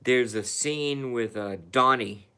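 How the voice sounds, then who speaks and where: A man's voice: medium pitch, slow, sharp tone, clean tone. A tired man who has been up all night, chatting casually and profanely on a live stream, rambling and talking to his cat and viewers.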